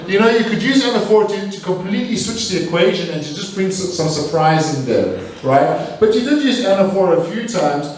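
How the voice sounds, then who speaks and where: A man giving a live language evaluation at a speaking club, energetic and emphatic, often repeating phrases and correcting himself. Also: sits high, brisk, hardly any pauses. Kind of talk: live speech evaluation to an audience. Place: meeting room with audience. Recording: echoey room, mic far off.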